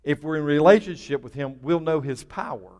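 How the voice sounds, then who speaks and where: Pastor guy preaching, higher voice, swings loud then hushed, echoey church. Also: fairly quick. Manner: emphatic, with rising bursts and dropping to a near hush. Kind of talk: sermon.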